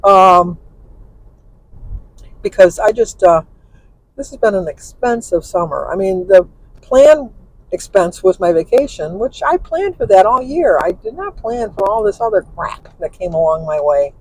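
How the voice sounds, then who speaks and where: A woman's voice: mid-range voice, expressive, a little slow, a little mellow, husky, rough recording. An older woman from Michigan, rambling and correcting herself as she chats to the camera from a car she is driving. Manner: chatty, meandering, self-correcting storyteller. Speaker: vlogger. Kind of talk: rambling casual chat.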